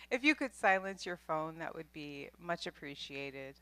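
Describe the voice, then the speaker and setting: Woman announcer, low voice, unhurried, heartfelt and easygoing. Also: animated, no room sound. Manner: warm, heartfelt, laughs easily. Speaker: service announcer. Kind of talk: church announcements. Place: spiritual center service room.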